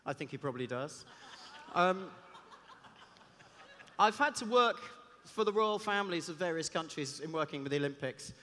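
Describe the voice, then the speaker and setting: A man, a cellist giving a lively talk on stage, chatty and joking in asides. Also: a little high, moderate pace, pauses often, slight background noise. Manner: chatty, self-deprecating, jokey asides. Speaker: conference speaker and cellist. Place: large hall on stage. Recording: long reverb of a big hall.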